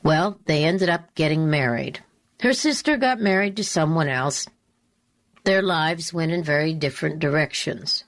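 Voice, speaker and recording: Slow, low-voiced woman radio host. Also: expressive. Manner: slow, deliberate and emphatic, repeating key phrases. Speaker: radio talk show host. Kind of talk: storytelling monologue.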